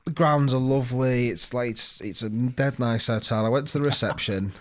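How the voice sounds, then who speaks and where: A man's voice: mid-range voice, normal speed, few pauses. A young man, a podcast co-host telling a story in casual chat, acting out quoted lines and swearing freely.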